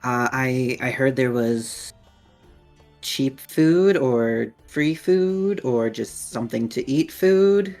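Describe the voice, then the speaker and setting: Low-voiced woman player, animated. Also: slow, soft background music. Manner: hesitant, animated, laughing. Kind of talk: playing a tabletop game.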